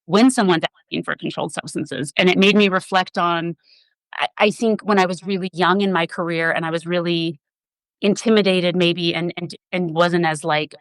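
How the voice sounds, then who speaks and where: A woman's voice: on the low side, fairly even intonation, normal speed, no echo, low-quality recording. A woman physician assistant, a podcast guest, telling a personal story in an earnest, emotional way.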